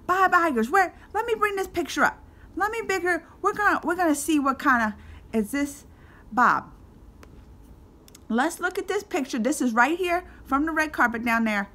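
High-voiced animated woman vlogger. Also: normal speed. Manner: swings between excited shouts and whispered asides; acts out her own lines in quotes. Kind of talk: animated reaction storytelling.

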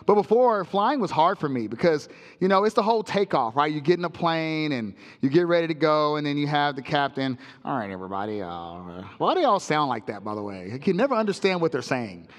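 High, lively pastor telling a story. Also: male voice, a little fast, in a large hall. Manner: animated, comic storytelling with sound effects. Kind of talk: sermon with personal story. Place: church sanctuary.

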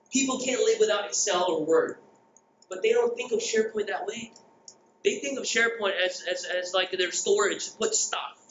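A middle-aged man from the Philippines giving a jokey, energetic conference talk and asking the crowd questions. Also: high voice, slight background noise. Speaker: conference speaker. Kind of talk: keynote presentation. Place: conference hall. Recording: echoey dull hall recording.

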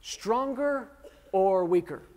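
Warm, high-pitched, and slow, with lively intonation, this thirtysomething pastor's voice fills an echoing church hall. He questions his congregation throughout the sermon and jokes at his own expense.

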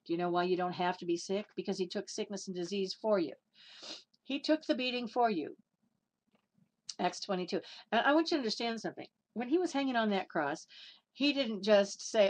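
Woman preacher, emphatic sermon delivery, quizzes the congregation, acts out the quotes. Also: mid-range voice. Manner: emphatic, questioning the listeners, acting out quotes.

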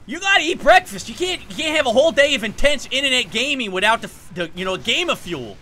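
Brash, bright-voiced Scout. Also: male voice, very high voice, big pitch swings, fast talker, a little hiss or hum, full character voice. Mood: cocky. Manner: boastful, rambling, goofy. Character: brash cocky young man, a fast-talking shooter-game runner. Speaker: streamer. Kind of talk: in-character game voice chat.

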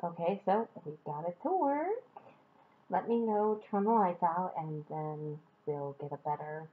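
A woman filming an unboxing vlog at home, talking in a gushing, excitable way. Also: on the low side, a little slow, slight background noise. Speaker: vlogger. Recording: tinny phone-like sound.

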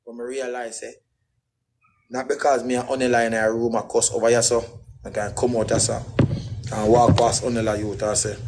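A man's voice: mid-range voice, flat delivery, moderate pace, a little mellow, a little hiss or hum, poor audio. A middle-aged man, guest in a casual interview, talking in rambling, emphatic patois.

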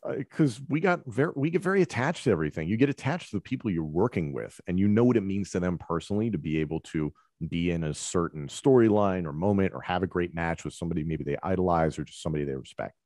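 Male commentator, deep voice, relaxed conversational delivery, dry recording. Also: quick pace, hardly any pauses, no room sound. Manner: relaxed, conversational, explains with examples. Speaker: wrestling commentator. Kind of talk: conversational interview answers.

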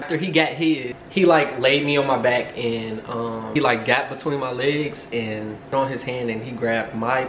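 A man's voice: mid-range voice, a bit bright, slight background noise. Young man, vlogger, casual storytime, rambling and candid, roomy echo. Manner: candid, rambling, heavy on fillers. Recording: echoey room.

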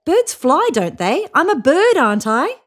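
Eager young male emu read by a woman, very high and shrill, breathless and excitable. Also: measured pace.

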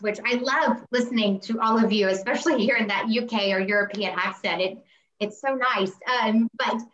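A woman's voice: medium pitch, a bit bright, echoey room, highs cut off. An American woman, a historian and tour manager, speaking earnestly and candidly in a panel discussion over a video call. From United States. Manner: earnest, candid, with frequent restarts.

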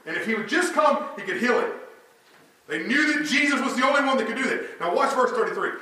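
A man preaching a sermon as pastor, asking rhetorical questions and dropping to a hushed voice for emphasis. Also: extremely high pitch, lively intonation, fast talker. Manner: preaching with rhetorical questions, sudden drops to a hush. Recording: echoey hall, voice from a distance, faint noise.

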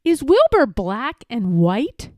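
A woman's voice: on the high side, wildly swooping pitch, slow, a little mellow, dry recording, clean studio sound, exaggerated voice. A woman voicing a curious, giggly elephant in a storybook read-aloud. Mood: eager.

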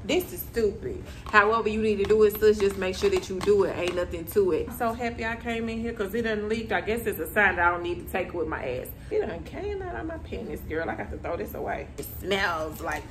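A woman's voice: medium pitch, steady tone, fairly quick, hardly any pauses, slight background noise. A young woman vlogging at home, talking candidly and chattily to her viewers in a slangy, casual way. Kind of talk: casual chat to camera. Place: bedroom floor at home.

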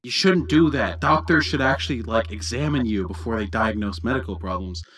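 A man's voice: mid-range voice, a little fast, fairly bright tone, husky. A man giving livestream commentary on a video, mocking and swearing as he talks.

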